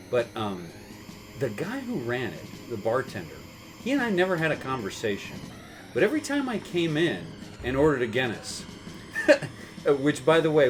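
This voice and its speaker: A man's voice: medium pitch, background noise. A man in his thirties, host of a gaming show, telling a rambling story with chuckles while playing a video game. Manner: rambling, chuckling, with many fillers and restarts.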